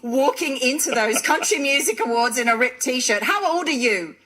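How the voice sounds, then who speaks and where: Bright, animated woman telling radio stories. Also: high voice, moderate pace, low-quality recording. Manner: animated, laughing storyteller. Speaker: radio segment presenter. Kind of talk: chatty radio banter. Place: radio studio.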